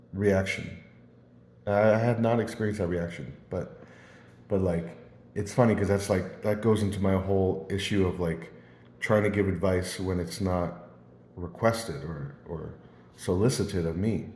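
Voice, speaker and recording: A man rambling through personal stories in a casual monologue, halting and repeating words as he restarts his sentences. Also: low voice, darkish tone. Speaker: vlogger. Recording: roomy echo.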